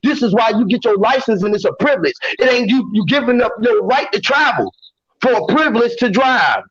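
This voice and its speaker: A man's voice: very high-pitched, lively intonation, brisk, fairly bright tone, slightly rough. A man calling in to a talk show, insistent and earnest as he lectures, on dull lo-fi audio. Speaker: guest caller. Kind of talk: casual talk show chat.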